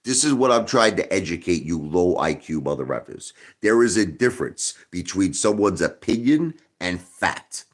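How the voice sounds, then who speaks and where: A man's voice: deep voice, lively intonation, normal speed, few pauses. A man hosting a live stream, arguing with viewers in a combative way and repeating his points again and again. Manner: combative, repeats himself, talks straight to viewers. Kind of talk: livestream rant.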